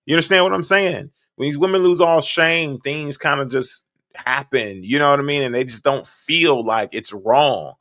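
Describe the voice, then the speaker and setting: A podcast host giving blunt, slangy, emphatic reaction commentary. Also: male voice, on the high side, normal speed, fairly bright tone, no echo, studio quality.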